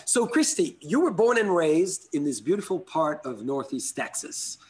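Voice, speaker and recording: A man hosting a live video interview, effusive and flattering in a theatrical way. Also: on the high side, normal speed. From France. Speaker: host.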